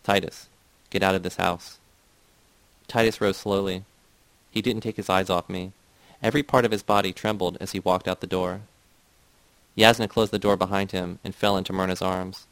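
A man reading a novel aloud as scripted narration, in a steady, measured way. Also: deep voice, no echo, low-quality recording. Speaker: audiobook reader.

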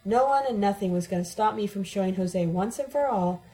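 A woman's voice: mid-range voice, a little fast, warm tone, rough recording. A woman giving an emotionally charged, dramatic first-person audiobook narration.

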